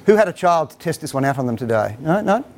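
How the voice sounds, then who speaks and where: A man's voice: on the high side, quick pace, a little hiss or hum. A middle-aged man giving a humorous talk to parents, acting out bits of dialogue. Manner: animated storytelling, acts out dialogue. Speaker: speaker on parenting.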